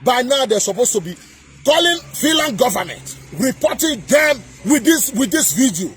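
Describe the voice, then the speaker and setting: A man with a Nigerian accent delivering a heated political rant to camera, repeating himself and often shouting. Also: very high voice, sing-song, normal speed, slight background noise. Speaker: political commentator.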